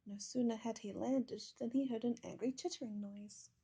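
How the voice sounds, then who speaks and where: A woman reading a children's picture book aloud, with gentle, measured storytelling. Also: on the high side, steady tone, vocal fry, slightly rough. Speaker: storybook reader.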